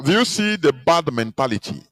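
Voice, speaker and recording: A man's voice: a little high, sing-song, moderate pace, fairly bright tone, no echo, poor audio. A man giving an impassioned, scornful radio talk, emphatic and mocking. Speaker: radio broadcaster.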